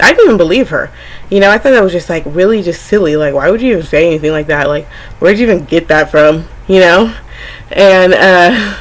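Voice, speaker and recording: A woman's voice: medium pitch, rough recording. A young adult woman vlogging to camera, telling a personal story in a rambling, frank, chatty way with lots of fillers, acting out family members in quotes. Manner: acts out her younger self and family in quotes.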